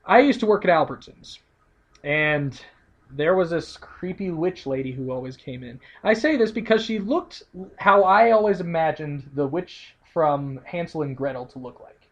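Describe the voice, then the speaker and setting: A playful young man co-hosts a casual comedy chat and tells his own stories. His voice is on the high side for a man. The recording sounds dull and lo-fi. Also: lively intonation, normal speed. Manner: laughs a lot, playful. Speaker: podcast co-host.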